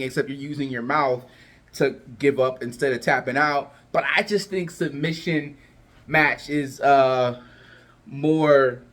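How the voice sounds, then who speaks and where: Casual vlogger, male, pitched a bit high, rambling and chatty, slightly cracking voice. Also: a bit bright. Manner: chatty, loose, lots of fillers and restarts. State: voice cracking a little. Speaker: wrestling predictions vlogger. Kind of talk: casual chat to camera.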